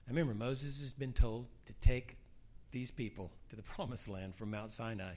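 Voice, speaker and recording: A middle-aged man delivering a sermon at a mid-range pitch. He slips into quiet, almost whispered prayers, then lifts into emphatic questions to the congregation. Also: fairly even intonation, moderate pace. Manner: shifts between soft, hushed prayer lines and rising emphatic questions. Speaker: preacher.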